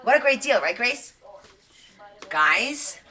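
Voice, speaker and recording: Lively, bright-voiced chatty woman crafter. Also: fairly high pitch, slow. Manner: chatty, gushing over thrift finds. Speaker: craft channel host. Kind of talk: casual live show-and-tell.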